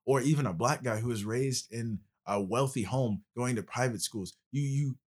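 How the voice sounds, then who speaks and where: A man's voice: mid-range voice, normal speed, darkish tone. A male podcast host in casual conversation, explaining at length with passion.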